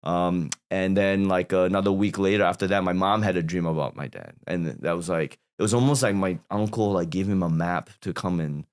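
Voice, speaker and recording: Low-voiced man telling a story. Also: a little fast, few pauses, clear, resonant tone. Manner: animated retelling with quoted voices and restarts. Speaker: guest comedian. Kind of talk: conversational storytelling.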